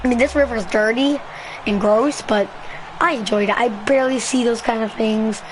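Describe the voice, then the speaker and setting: A woman vlogger telling a story in a rambling, excitable way, full of fillers. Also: a little high, normal speed, background noise. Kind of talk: casual storytelling vlog.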